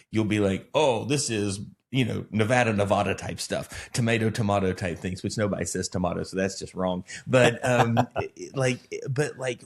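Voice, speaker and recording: A man from Alabama, a pastor in casual conversation who rambles and tells animated stories with self-deprecating humor. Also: on the low side. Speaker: pastor and podcast co-host.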